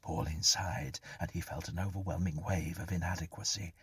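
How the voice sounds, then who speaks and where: A man narrating a horror story in a hushed, breathy, half-whispered delivery. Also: sits low, steady tone, moderate pace, no echo.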